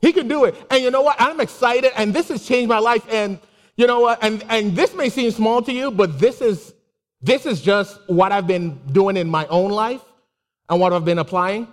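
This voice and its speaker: A man giving a casual, animated sermon with personal stories, laughing and exclaiming often. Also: sits high, moderate pace. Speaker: preacher. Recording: long hall reverb.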